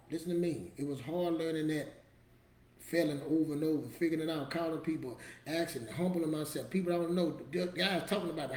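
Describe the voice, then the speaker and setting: A man's voice: a little high, a little mellow, reverberant. A man giving a motivational talk to camera in a preachy, emphatic, street-casual storytelling manner. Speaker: motivational vlogger.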